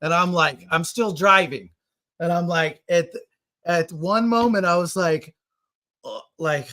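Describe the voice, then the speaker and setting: Male podcast host, slightly high voice, rambling self-mocking storyteller, casual chat. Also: unhurried. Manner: rambling, self-mocking, acts out quotes loudly.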